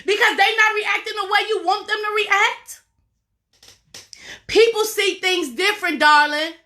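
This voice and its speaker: Emphatic high-voiced woman life coach. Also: unhurried, pushed and bright. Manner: preachy, repetitive, emphatic. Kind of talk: motivational talk to camera.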